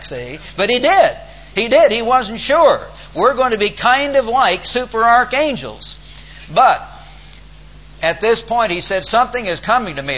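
Older male preacher, bright lo-fi sermon. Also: on the high side. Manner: rambling storytelling, rising to emphatic preaching. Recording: dull lo-fi recording with faint hum.

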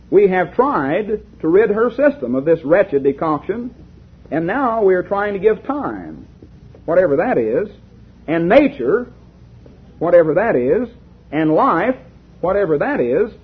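A man reading aloud as a patient old medieval physician, in measured, earnest speech. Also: sits high, slightly rough, full character voice. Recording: lo-fi tinny recording.

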